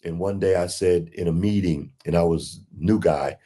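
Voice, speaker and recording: A man being interviewed, recounting his past in a rambling, animated storytelling way and acting out the people he quotes. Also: normal speed. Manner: acts out quoted dialogue in a higher voice; rambling with fillers and restarts. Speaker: interview guest.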